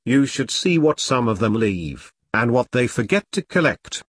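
A shrewd, gleeful businesswoman haggling eagerly over a deal, as a man reads her lines. The voice is husky and the recording is dry and close. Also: medium pitch, very animated, moderate pace, no room sound. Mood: eager bargaining. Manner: eager, bargaining.

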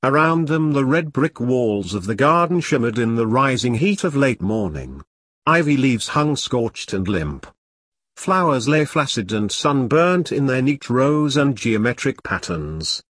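A man narrating a story in a measured storytelling voice. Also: medium pitch, sing-song, fairly bright tone, no echo, clean studio sound. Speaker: audiobook narrator. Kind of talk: scripted narration.

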